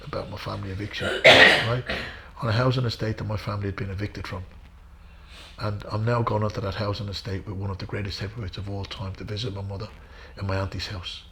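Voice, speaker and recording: A middle-aged Irish former boxer with a lowish voice tells emotional stories in an interview, with slight background noise. He's earnest, repeats himself for emphasis and addresses the host by name.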